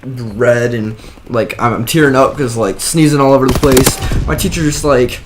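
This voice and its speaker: A young man tells a casual story at a middle pitch, rambling and leaning on filler words like "like" and "whatever." A steady hiss of background noise sits under his voice. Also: normal speed. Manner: rambling, drops "like" and "whatever" everywhere. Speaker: vlogger.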